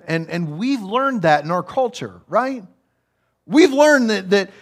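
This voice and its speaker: A man's voice: very high-pitched, fairly bright tone. A man preaching a conversational, humorous sermon that builds to raised, emphatic passages.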